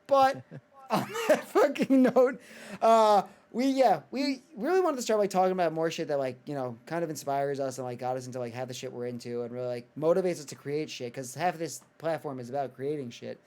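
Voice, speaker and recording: A young man from the United States hosting a podcast in casual chat, excitable, swearing, with lots of filler words. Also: fairly high pitch, quick pace, hardly any pauses. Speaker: podcast host.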